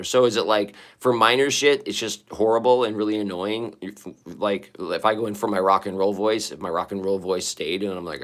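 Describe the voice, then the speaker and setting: A man's voice: lowish voice, a little fast, a bit bright. A man in his forties hosting a casual livestream chat, rambling along with wry, self-mocking humor. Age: 40s. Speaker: livestream host.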